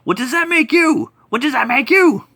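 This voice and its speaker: Squawking bird alien boss. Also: male voice, very high voice, expressive, normal speed, sharp tone, dry recording, pitched above the performer's own voice, full character voice. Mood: taunting. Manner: squawks, taunting, profane. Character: squawking foul-mouthed bird alien mini boss, male.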